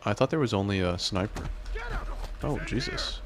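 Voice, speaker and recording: Deep-voiced male game streamer. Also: moderate pace, very noisy. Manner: relaxed, chatty, talks to chat. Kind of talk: casual gameplay commentary.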